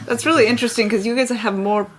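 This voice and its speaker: A woman talking as a podcast guest in casual chat, brisk and matter-of-fact. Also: on the high side, steady tone. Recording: noticeable background noise.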